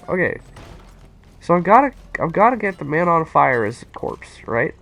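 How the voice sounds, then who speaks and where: An excitable young man rambles to his chat while he plays a game on stream. His voice sits a little high for a man and jumps all over the place as he gets worked up. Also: a little slow, gravelly, long pauses. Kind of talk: casual live-stream chat while gaming.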